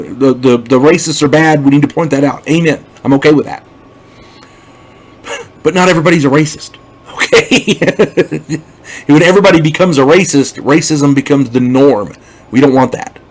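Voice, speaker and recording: This is an older man talking through a TV series review in a loose, opinionated monologue. His voice sits at an ordinary middle pitch. He speaks bluntly and emphatically, often restarting and repeating words as he goes. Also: poor audio.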